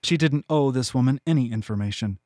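An audiobook narrator reads his own fantasy novel as scripted narration, in a measured, even storytelling voice. His pitch sits in an ordinary middle range, and the recording is close and dry with no room sound.

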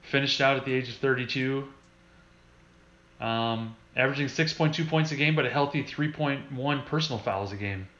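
A man's voice: mid-range voice, moderate pace, a bit bright. A man hosting a casual sports chat, reading out player stats and chuckling often. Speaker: podcast host. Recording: roomy, dull lo-fi sound.

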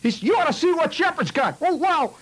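A man voicing a cocky, loud teenage boy who always knows it all, with shrill excited shouting. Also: quick pace, slightly rough.

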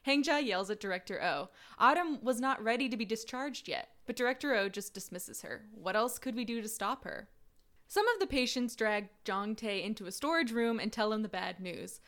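Woman, podcast co-host, episode recap, fairly high voice, laughs a lot. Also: moderate pace. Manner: laughs often, reads the recap in an animated way. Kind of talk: casual chat with episode recap narration.

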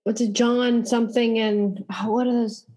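A woman's voice: a little high, little pitch movement, moderate pace, warm tone. A woman co-hosting a casual interview, chatty and joking, with loose filler words. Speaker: co-host.

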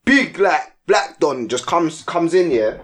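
A man's voice: fairly high pitch, slow pace, a crowd in the background. A young man telling stories in a casual, slang-heavy podcast chat. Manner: slang-heavy storytelling, animated. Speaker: podcast co-host.

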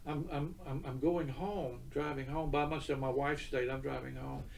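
A man's voice: mid-range voice, fairly even intonation, moderate pace, vocal fry, darkish tone, recorded from a distance, a little hiss or hum. An older man telling an emotional personal story as an interview guest, earnest, restarting his words and checking in with "okay?". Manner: earnest, emotional, repeats himself, asks listener "okay?".

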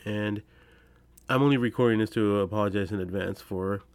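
A man's voice: fairly low pitch, brisk. Sick-voiced casual podcast host man. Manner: loose and conversational, swears casually. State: sick, congested voice.

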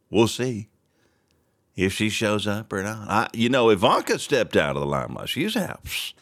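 A man's voice: lowish voice, fairly bright tone. A man hosting a casual morning talk show, reading news items aloud and rambling through his own asides with the odd chuckle.

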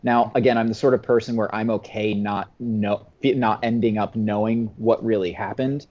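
A man's voice: lowish voice, steady tone, moderate pace, dull audio. A man talking through a film as a podcast guest in a rambling, hesitant way, often correcting himself. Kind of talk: casual film discussion.

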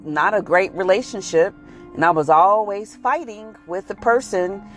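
A woman in a casual, animated comic monologue. She talks loosely and lectures her listeners, with soft music faint behind her. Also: mid-range voice, moderate pace. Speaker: comedic storyteller, self-styled pet whisperer. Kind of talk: comedic monologue.

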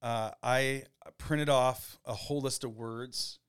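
Man, podcast co-host, smooth resonant voice, casual rambling chat, lots of ums. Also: mid-range voice, takes it slowly. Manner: rambling, relaxed, with many fillers.

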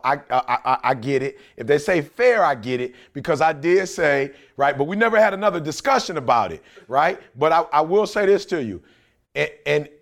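A man's voice: fairly high pitch, a bit bright. A man on a podcast telling a story in casual chat, acting out quoted lines with lots of slang. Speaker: podcast co-host.

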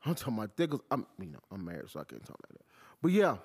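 A man, hosting his own podcast and ranting about sports in an animated, profane style. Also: racing, breathy edge. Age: 40s. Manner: animated, swings from low mutter to loud outbursts, heavy cursing. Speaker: podcast host. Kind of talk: profane solo sports rant.

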